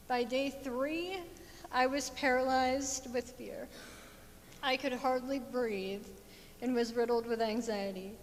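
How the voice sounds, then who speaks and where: A woman giving a heartfelt personal testimony in a church, speaking earnestly into a microphone. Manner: slow, earnest and heartfelt, rising in fervor. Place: church sanctuary. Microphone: handheld microphone. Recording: echoey church hall with faint rumble.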